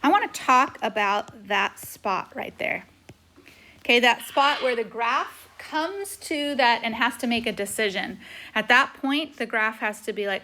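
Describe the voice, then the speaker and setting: A woman's voice: on the high side, lively intonation, a little slow, pushed and bright. A woman teaching a math lesson in a chatty style, filling her talk with frequent "okay"s while she works through a whiteboard recording. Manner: chatty, says "okay" often. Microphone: tablet microphone.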